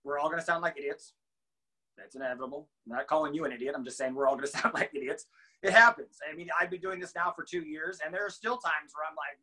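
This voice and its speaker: A young adult man giving a casual motivational training talk, animated and laughing, acting out quotes. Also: a little high, fast talker, breathy edge, poor audio. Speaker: team trainer.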